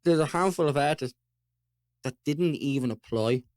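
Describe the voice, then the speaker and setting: An Irish man co-hosting a podcast, talking in an animated, ranting way while chewing toffee. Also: on the high side, moderate pace, no room sound, studio quality. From Ireland. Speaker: podcast co-host. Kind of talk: casual chat.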